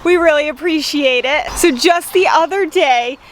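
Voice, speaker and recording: High-voiced farm woman, slow and chatty. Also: slight background noise. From Rhode Island. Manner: cheerful, laughs often between sentences. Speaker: farm vlogger. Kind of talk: casual vlog chat. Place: outdoors on a farm.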